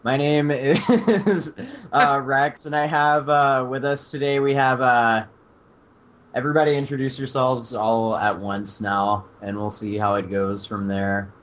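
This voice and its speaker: A man's voice: mid-range voice, fairly even intonation, unhurried, fairly bright tone. Male podcast host, easygoing and rambling, muffled lo-fi recording. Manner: loose, laughing, filler-heavy. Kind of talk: casual chat. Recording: dull lo-fi podcast audio.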